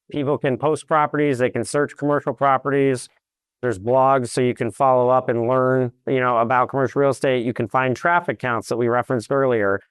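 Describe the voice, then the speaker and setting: Male real estate broker as guest, smooth resonant voice, animated storyteller, dry sound. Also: mid-range voice, dry recording. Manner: lively anecdotes, acts out quotes.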